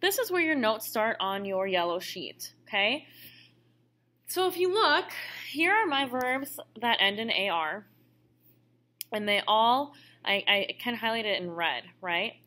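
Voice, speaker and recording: A woman records a classroom lesson, walking students through each step with patience. Her voice is bright and clear. Her pitch moves up and down a lot. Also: animated, measured pace. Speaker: Spanish teacher.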